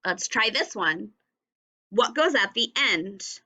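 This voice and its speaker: A woman teaching a recorded phonics and punctuation lesson for young children, speaking slowly and enunciating each word and sound clearly. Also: mid-range voice, lively intonation, sharp tone, soft background music.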